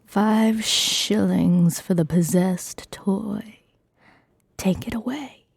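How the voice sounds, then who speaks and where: A woman's voice: medium pitch, very slow, creaky, a little mellow, husky, no room sound, heavily acted. A woman voicing a curt, bossy male guard barking orders, in a whispered role-play reading.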